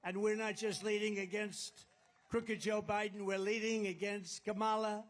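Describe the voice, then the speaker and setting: A man speaks to a rally crowd, his voice sitting rather high for a man. He rambles and boasts, circling back to the same phrases again and again. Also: level tone, moderate pace. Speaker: political candidate. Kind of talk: campaign rally speech. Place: rally at a golf resort.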